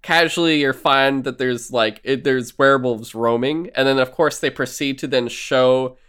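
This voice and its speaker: A man's voice: mid-range voice, normal speed, clear, resonant tone. A man chatting casually about old horror films, telling scenes with jokey acted-out lines. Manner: animated storyteller, acts out lines in jokey voices.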